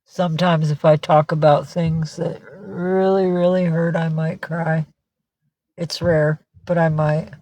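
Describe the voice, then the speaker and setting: A teary woman chatting casually with viewers on a livestream from home, cooing softly in baby talk to her cat. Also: sits low, little pitch movement, a little slow, no room sound.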